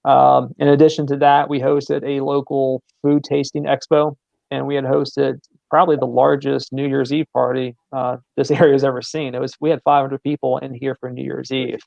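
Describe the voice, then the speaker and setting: A man with a Southern American accent talks through his sports venue as an interview guest, in a steady, level voice with a gravelly edge. He pauses on fillers and repeats words as he explains. The sound is dry and a little dull. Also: mid-range voice, no room sound. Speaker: sports center manager, guest.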